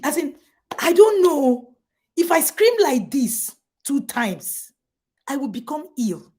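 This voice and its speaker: A middle-aged woman with a Nigerian accent giving an emphatic motivational talk to parents as a parenting coach, often raising her voice in mock shouts to make a point. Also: on the high side.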